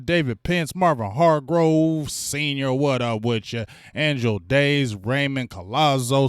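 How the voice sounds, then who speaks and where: Man, fan stream host, high-pitched, smooth clear voice, dry close mic, animated and shouty. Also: no room sound. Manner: animated, loud, shouting to chat. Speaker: livestream sports show host.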